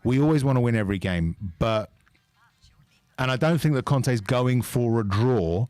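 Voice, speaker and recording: A man co-hosting a football fan watch-along, talking in an animated, opinionated and jokey way. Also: mid-range voice, normal speed, no room sound, faint music behind. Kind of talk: casual chat.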